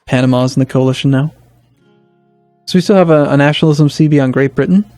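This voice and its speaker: A man casually commenting on his strategy game as a let's play host, thinking aloud with hesitant restarts and sudden bursts of excitement. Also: medium pitch, quick pace, no room sound, faint music behind.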